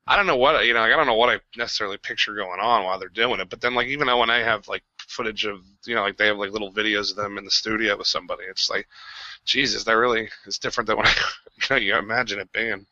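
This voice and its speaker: A man's voice: fairly low pitch, very fast, bright, forceful tone, dry recording, lo-fi sound. A man in his thirties from New Jersey, a podcast guest chatting casually and easily, full of fillers. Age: 30s. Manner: easygoing, filler-heavy, laughs along.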